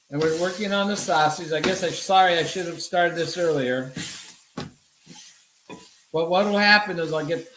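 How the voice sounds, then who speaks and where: A man's voice: fairly high pitch, echoey room, background noise. A man giving a casual cooking demonstration, talking to viewers as he cooks and answering his own questions. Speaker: cooking instructor. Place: home kitchen.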